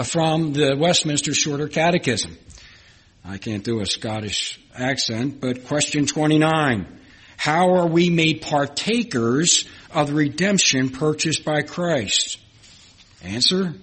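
Husky-voiced man preaching a sermon. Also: medium pitch. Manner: earnest preaching with scripture readings. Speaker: pastor.

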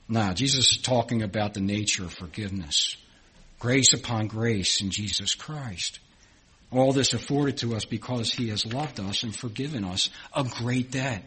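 A middle-aged man preaching a sermon as a pastor, earnest and repetitive, often swelling louder on key phrases and restarting his words. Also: lowish voice, moderate pace, husky.

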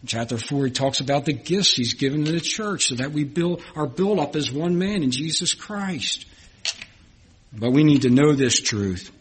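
A man's voice: on the high side, animated, normal speed, breathy edge. A middle-aged man preaching an earnest sermon, reading scripture aloud. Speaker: pastor.

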